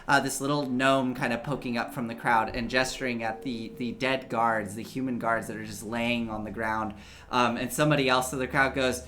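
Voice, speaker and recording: A man's voice: medium pitch, steady tone, fairly quick, pushed and bright. A man running a tabletop game as game master, narrating in a casual, rambling way with many fillers.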